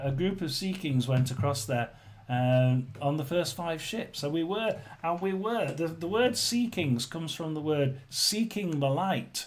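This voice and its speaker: A man from England hosting a casual live chat, rambling with restarts and clearing his throat often. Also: on the high side, darkish tone. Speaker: livestream host.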